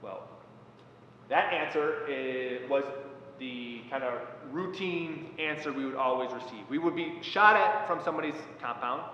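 A man who was a Marine platoon commander, speaking in a measured, reflective way with many pauses and fillers. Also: medium pitch, pushed and bright, a little hiss or hum. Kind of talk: reflective talk. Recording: echoey hall, dull lo-fi sound.

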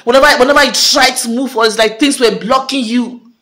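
Fervent woman preacher with a high voice. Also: fast, a bit bright. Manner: fervent, repetitive, declaring phrases again and again; rising to a fervent high pitch at climaxes. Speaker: prophetic minister. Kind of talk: prophetic declaration to a video audience.

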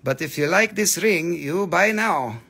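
A man's voice: high voice, expressive, measured pace, sharp tone, slightly rough, heavily acted. A man putting on a fake accent as a pushy gem seller, speaking hammy broken English. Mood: hamming.

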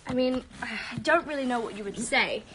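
A woman's voice: fairly high pitch, moderate pace, fairly bright tone, a little hiss or hum. A young woman with a British accent chatting casually during a live-stream Q&A. She talks bubbly and chatty, often dropping to a whisper for asides, on a phone held at arm's length. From born in Spain, raised in London. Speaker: live-stream host answering fans.

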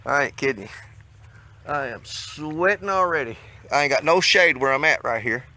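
A man casually talking to the camera while fishing on a riverbank, hot and a little out of breath, folksy and quick to grumble. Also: medium pitch. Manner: folksy, excitable, swears mildly at fish. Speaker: fishing vlogger. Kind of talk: casual outdoor vlog. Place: outdoors on a riverbank. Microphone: handheld camera mic.

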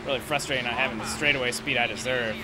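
A man's voice: mid-range voice, fairly even intonation, rapid-fire. A young man giving live gameplay commentary, ranting with exasperation and heavy swearing. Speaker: gaming commentator. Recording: loud game engine noise underneath.

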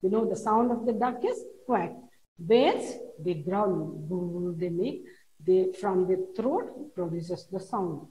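A woman teaching a classroom lesson, reading a poem aloud and explaining each word slowly and repetitively to children. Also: fairly low pitch, mellow. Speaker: schoolteacher. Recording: roomy echo.

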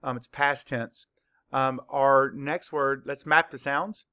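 A man teaching a spelling lesson to young children, dictating words slowly and clearly, sound by sound. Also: medium pitch, fairly even intonation, bright, forceful tone. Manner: slow, clear word-by-word dictation.

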